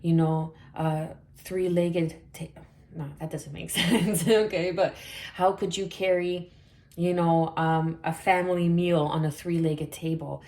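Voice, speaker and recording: A woman talks viewers through a tarot reading in a low, mellow voice. She keeps it chatty and reassuring, stumbling over words with fillers and small laughs. Her tone stays fairly even throughout. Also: measured pace. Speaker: tarot reader.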